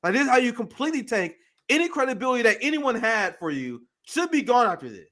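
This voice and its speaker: A man hosting a political commentary show, heated and profane, reacting with outrage and bursts of shouting. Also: very high voice, very animated, fast talker. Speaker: show host.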